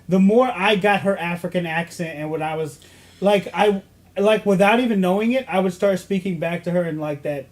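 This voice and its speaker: A man with a notably high voice banters on a casual podcast, teasing and egging on his co-hosts. His delivery is jokey and pushy. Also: normal speed. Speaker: podcast co-host. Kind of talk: casual chat.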